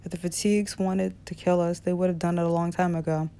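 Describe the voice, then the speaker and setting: A woman reading the part of a blunt, defiant teenage boy on the run, in her own low, smooth voice. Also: level tone, quick pace, warm tone, lightly acted. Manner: blunt and sarcastic.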